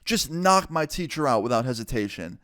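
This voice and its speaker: Smooth-voiced young-sounding man telling a story. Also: mid-range voice, big pitch swings, a bit bright, dry recording, clean studio sound. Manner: chatty, quick to act out people he quotes, lots of "like". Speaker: storyteller vlogger. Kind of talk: casual story time narration.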